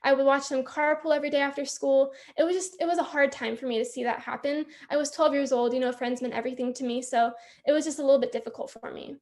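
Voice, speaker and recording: High-voiced young woman telling her story. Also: fairly even intonation, fast talker, hardly any pauses, a little mellow. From San Diego, California. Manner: candid, chatty, addresses audience directly. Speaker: youth peer support speaker. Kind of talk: personal story at a conference talk.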